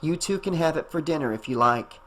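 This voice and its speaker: Man reading a hurried single mom, slightly raised voice, audiobook. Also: on the high side, lively intonation, fairly bright tone, low-quality recording. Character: busy, tired single mother.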